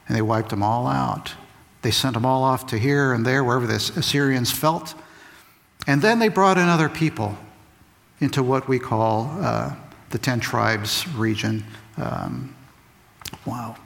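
Gravelly guy teaching bible to kids, chatty and lively, big hall echo. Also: mid-range voice. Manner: lively, conversational, acts out quotes. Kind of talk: animated Bible lesson for kids. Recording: long reverb of a large hall.

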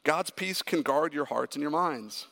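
A man preaching a sermon as a pastor, emphatic and animated when he tells stories. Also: on the high side, unhurried, gravelly. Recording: echoey hall with long reverb.

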